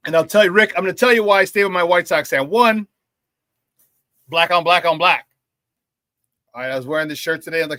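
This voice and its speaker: A male morning sports radio host talking in a loose, hyped-up, slangy way. His voice is fairly high and bright. He is recorded in a dry studio close to the mic. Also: brisk, pauses often, dry recording. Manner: energetic, slangy hype. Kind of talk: casual morning sports talk.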